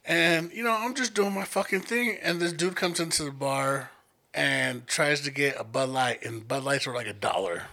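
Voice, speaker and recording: A young man telling stories in casual, profane chat, acting out the people he quotes with lively voices. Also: on the high side, normal speed, vocal fry. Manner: animated, profane, acts out quotes in many voices. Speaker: podcast co-host telling stories.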